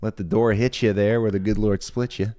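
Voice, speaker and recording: A man's voice: lowish voice, fairly even intonation, a little fast, mellow. A man co-hosting a live stream who reads out viewer messages with a dry, laid-back delivery. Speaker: co-host reading viewer messages. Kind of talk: casual live-stream chat.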